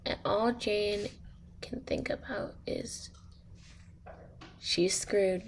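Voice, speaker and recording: A woman's voice: mid-range voice, fairly even intonation, extremely slow, gravelly, a little hiss or hum. A woman casually telling a made-up story while she plays a game, rambling and getting sidetracked. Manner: rambling, easily sidetracked, many fillers. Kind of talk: casual spoken storytelling over gameplay.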